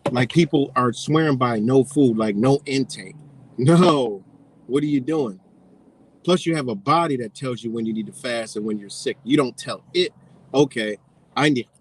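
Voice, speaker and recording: A man's voice: medium pitch, slightly rough. A man ranting profanely in a casual livestream, rambling and losing his train of thought. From United States.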